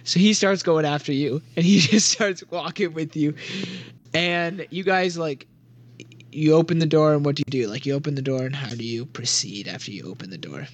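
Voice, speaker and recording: Giggling and rambling with many "likes" and other fillers, a young man narrates a tabletop role-playing game as its game master. He speaks at a normal speed in a fairly high voice, with no echo.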